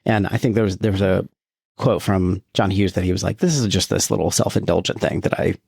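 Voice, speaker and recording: A man hosting a casual film podcast, enthusiastic and quick to laugh as he recounts favorite scenes. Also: deep voice, fairly even intonation, vocal fry, a little mellow, slightly rough, no room sound, clean studio sound. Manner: enthusiastic, laughs often, acts out quotes. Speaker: podcast host.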